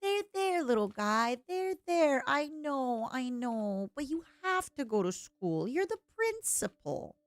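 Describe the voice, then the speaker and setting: A woman voicing a mother gently soothing her grown son in a soft, hushed way. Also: high voice, big pitch swings, slow, hardly any pauses, no echo, clean studio sound, pitched above the performer's own voice, heavily acted.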